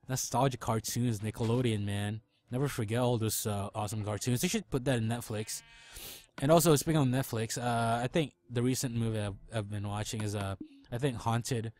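A man's voice: mid-range voice, darkish tone. A young man rambling casually while playing a game, joking and cracking silly animal noises. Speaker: let's play gamer. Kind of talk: casual gameplay commentary.

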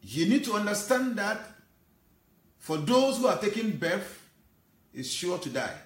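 Earnest high-voiced man preaching, echoey. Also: sing-song, unhurried. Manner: emotional, earnest preaching with chanted Sanskrit verses. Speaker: spiritual teacher. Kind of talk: sermon.

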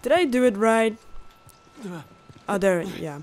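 Foul-mouthed woman gamer, loud outbursts. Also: on the high side, animated, slow pace, noisy background. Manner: loud, swearing, exasperated outbursts. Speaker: gamer playing a story game. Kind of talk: profane let's-play commentary. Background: game music and gunfire.

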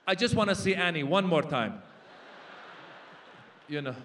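A man in his forties doing a stand-up comedy set on a festival stage. He tells his stories with animated character voices for the punchlines. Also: high voice, a little slow. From Iranian-American. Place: large festival stage with live translation.

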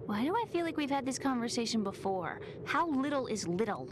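An actress voicing a timid young woman in a video game, soft and earnest, afraid of water and heights. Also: on the high side, big pitch swings, a little fast, noisy background.

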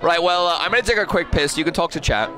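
A man's voice: fairly high pitch, quick pace, music in the background. A man hosting a gaming stream, talking casually with friends, crude and laughing often. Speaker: streamer and host.

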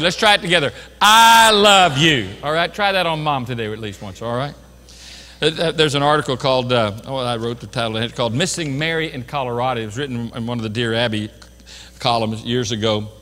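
A man's voice: medium pitch, fast talker, sharp tone, in a large hall. An older man, a pastor, preaching a sermon with earnest, folksy asides.

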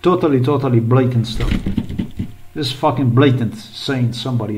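A man talks through a screen recording in a rambling, agitated way. His pitch sits in the middle range, and he repeats words and curses often as he goes. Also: normal speed, noisy background. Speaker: vlogger.

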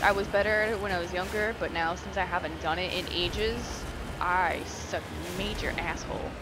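A young woman chatting through a video game playthrough, excitable and easily grossed out, recorded at home. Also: mid-range voice. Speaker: gameplay commentator. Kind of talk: let's play commentary. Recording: audible background noise.

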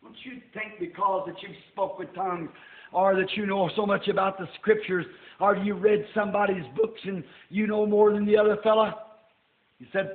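An older man preaching a sermon in a church, folksy and rising to shouts. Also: high-pitched, flat delivery, normal speed. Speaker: pastor. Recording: tinny roomy old sermon tape.

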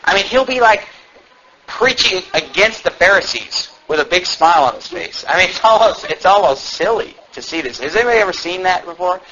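High, bright-voiced fiery preacher man. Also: expressive, brisk. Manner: shouts and climbs high when fervent, mocking asides. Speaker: pastor. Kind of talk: fiery sermon. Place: church. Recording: dull low-fidelity church recording, faint hiss.

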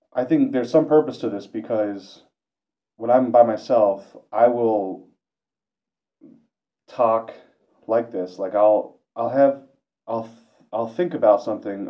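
A man vlogging a reflective monologue, hesitant and self-questioning, with frequent restarts. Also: on the low side. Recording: dull lo-fi recording.

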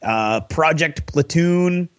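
A man co-hosting a podcast, chatting casually in a halting, hesitant way with many fillers. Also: a little high, animated, no room sound. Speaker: podcast co-host. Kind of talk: casual chat.

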